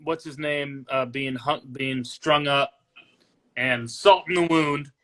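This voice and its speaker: A man co-hosting a casual movie discussion, chiming in with brief, relaxed remarks. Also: mid-range voice, slow pace. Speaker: podcast co-host.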